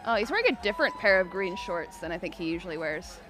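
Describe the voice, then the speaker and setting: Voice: medium pitch, sing-song, fast talker, music in the background. A livestream co-host casually chatting during a race, pointing out runners and their gear. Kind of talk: live casual commentary.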